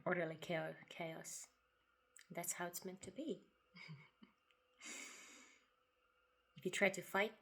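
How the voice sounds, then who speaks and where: A woman giving a reflective spoken monologue about spiritual ideas. She talks softly and without hurry, pausing often, sometimes dropping to a breathy half-whisper. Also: on the low side. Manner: soft and unhurried, with long pauses, occasional breathy half-whispers and quiet laughs. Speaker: writer sharing spiritual reflections.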